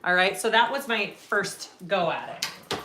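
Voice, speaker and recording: A woman hosts a casual live sewing tutorial from her home sewing space, chatting and greeting viewers by name. Her voice is bright and forward, sitting at a middle pitch. A faint noise runs underneath the recording. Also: expressive, a little slow. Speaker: sewing livestream host.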